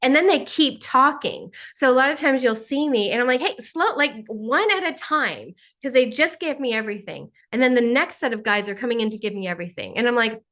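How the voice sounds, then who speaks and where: A woman's voice: a little high, fast talker, hardly any pauses, a bit bright. A woman hosting a spiritual Q&A on a live video call, talking in a playful, joking way with sarcastic asides. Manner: playful, jokey, sarcastic asides, mimics voices.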